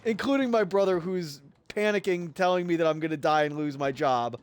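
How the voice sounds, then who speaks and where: A man streaming a game and telling a rambling, profane story in a casual, animated way. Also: on the high side, fairly quick, smooth. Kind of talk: casual storytelling while gaming.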